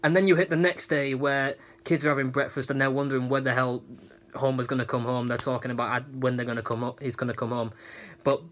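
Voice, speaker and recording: A man's voice: medium pitch, steady tone, fast talker, a bit bright, slight background noise. A man giving a casual, rambling episode recap with many restarts. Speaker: episode reviewer.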